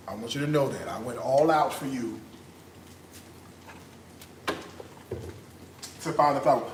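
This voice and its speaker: A man hosting a casual cooking vlog, chatting straight to viewers and bursting into high whoops and moans of delight while he cooks in a kitchen. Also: slight background noise. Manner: chatty, addresses viewers directly. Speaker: cooking channel host. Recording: echoey room.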